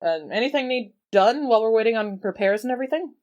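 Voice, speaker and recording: A woman's voice: fairly high pitch, fast talker, darkish tone, highs cut off. Laid-back woman playing a tabletop game. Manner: laid-back, dry, wry. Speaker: player.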